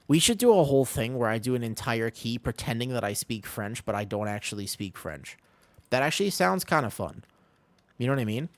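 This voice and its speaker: A man's voice: medium pitch, no echo. A man streaming a game, chatting casually with his chat, joking and answering questions.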